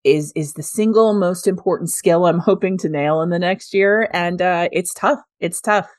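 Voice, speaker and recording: A woman's voice: lowish voice, normal speed, no echo, studio quality. A woman in her thirties, a business executive answering interview questions in an earnest, reflective way with frequent laughs. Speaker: guest, revenue executive. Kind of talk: conversational interview.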